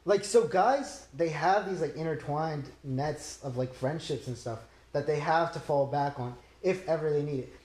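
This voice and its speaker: Young guy chatting on a podcast, kinda high voice, swears a lot, roomy echo. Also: moderate pace, hardly any pauses, a little mellow. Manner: laid-back, swears freely, acts out quoted friends. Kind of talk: casual podcast chat. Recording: echoey room.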